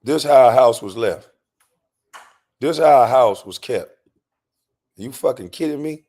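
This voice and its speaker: Heated guy ranting, cussing a lot, regular pitch. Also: expressive, measured pace, a little mellow. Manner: profane, heated storytelling. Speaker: host. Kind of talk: casual rant.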